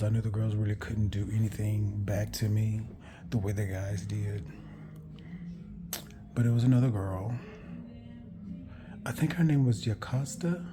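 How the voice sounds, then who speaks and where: A man vlogging a candid personal story in a rambling, frank way, correcting himself and swearing casually. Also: lowish voice.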